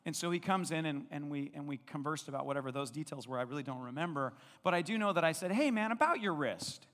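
A man preaching in a casual, storytelling way, his voice sitting a little higher than most men's. He pokes fun at himself and slips into the voices of the people in his story. The sound carries a long reverb, as if picked up in a large church hall. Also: quick pace, fairly bright tone. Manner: conversational, self-deprecating, acts out dialogue. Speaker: pastor. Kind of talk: storytelling sermon.

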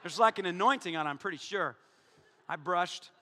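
A married man preaching a sermon to his congregation, joking and swinging between loud calls and hushed asides. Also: high voice, moderate pace. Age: adult, married. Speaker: pastor. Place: church hall before a congregation. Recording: long hall reverb.

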